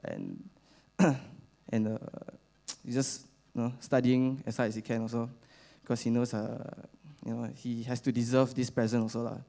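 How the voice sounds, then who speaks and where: Young Singaporean man, mid-pitched, casual rambling church talk full of fillers. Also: expressive, creaky, warm tone. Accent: Singaporean English. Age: young adult. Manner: halting, many fillers, chatty with slang particles. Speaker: youth speaker at church. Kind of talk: casual storytelling sermon.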